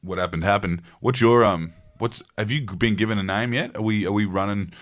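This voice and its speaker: Laid-back podcast host. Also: male voice, on the low side, brisk. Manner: laid-back, laughing, hedging with fillers. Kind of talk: casual chat.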